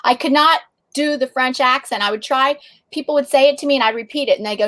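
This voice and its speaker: A woman's voice: a little high, fast, a bit bright. A woman co-hosting a casual livestream chat, talking in a friendly, repetitive way and welcoming viewers. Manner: chatty, repeats herself, welcoming viewers. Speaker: livestream co-host.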